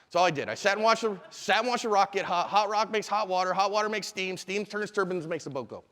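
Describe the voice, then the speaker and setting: A man in his forties teaching a live class, animated and quizzing the audience. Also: high voice, fast talker, long reverb tail. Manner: animated, asks the audience questions. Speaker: self-defense instructor.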